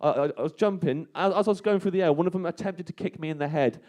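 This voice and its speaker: A man's voice: sits high, quick pace. Rambling self-mocking man spinning a live yarn. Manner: rambling, self-deprecating, breaks into laughter; hushed and tense when re-enacting fear. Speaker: comedian guest telling a story. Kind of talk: live comedic storytelling. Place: live venue on stage.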